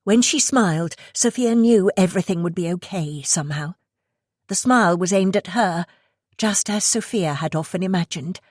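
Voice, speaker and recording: A woman reading a thriller audiobook aloud in a steady storytelling way. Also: lowish voice, normal speed, no room sound, clean studio sound. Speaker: audiobook narrator. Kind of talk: scripted narration.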